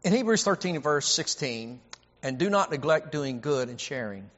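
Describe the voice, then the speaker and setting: A man's voice: fairly high pitch, animated, normal speed, fairly bright tone. Emphatic man preaching in a reverberant hall. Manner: emphatic, repetitive, with frequent stammered restarts. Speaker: preacher and Bible teacher. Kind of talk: sermon. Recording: dull audio with long hall reverb.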